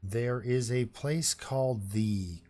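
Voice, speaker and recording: A man's voice: medium pitch, slow, dark tone. A man giving casual let's-play commentary, thinking aloud with fillers and restarts as he plays. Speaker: gameplay commentator.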